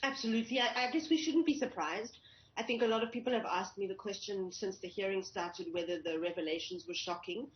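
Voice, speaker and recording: A woman's voice: medium pitch, muffled recording. Woman journalist, roomy remote line. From South Africa. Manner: thoughtful, measured, with frequent restarts. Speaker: cricket journalist. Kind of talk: news analysis interview.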